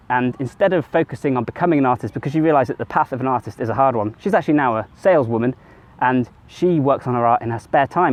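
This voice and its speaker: A vlogger speaks casually to the camera in a mid-range, slightly mellow voice. His self-help monologue rambles conversationally, and now and then he corrects himself mid-sentence.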